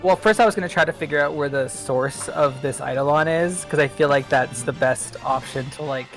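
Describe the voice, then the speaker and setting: A player in a casual tabletop game, chatty and quick to laugh while planning moves. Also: mid-range voice, faint music behind. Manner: chatty, laughs between lines.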